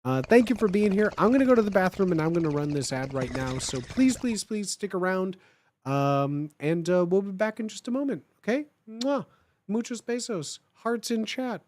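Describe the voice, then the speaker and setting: Excitable streamer chatting with a live audience. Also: medium pitch, normal speed. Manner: chatty, excitable, talks straight to chat. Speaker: live streamer reading fan fiction aloud. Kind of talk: casual live-stream chat.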